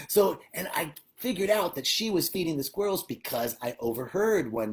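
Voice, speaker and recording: A man leading a live-streamed spiritual talk, moving from quiet reflection to loud, laughing emphasis. His voice swings widely in pitch and volume, and he greets viewers as he goes. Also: big pitch swings, moderate pace, hardly any pauses. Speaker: spiritual teacher.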